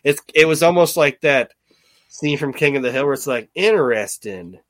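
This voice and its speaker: A man hosts a casual podcast, talking through an old wrestling event. His voice is bright and forceful, recorded dry and close. He rambles, swears, and slips into the voices of the people he quotes. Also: fairly high pitch, a little fast, dry recording. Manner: rambling, profane, animated retelling with quoted voices. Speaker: podcast host. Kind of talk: casual wrestling recap chat.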